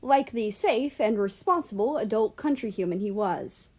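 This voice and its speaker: A woman's voice: medium pitch, expressive, normal speed. A woman narrating fanfiction aloud in a casual reading style with the odd swear. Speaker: fanfiction reader. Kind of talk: storybook narration.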